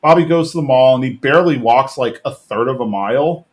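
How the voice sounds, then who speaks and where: A man's voice: medium pitch, a little fast. A man hosting a podcast, casually recapping a cartoon episode in a rambling way with many fillers and restarts. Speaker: podcast host.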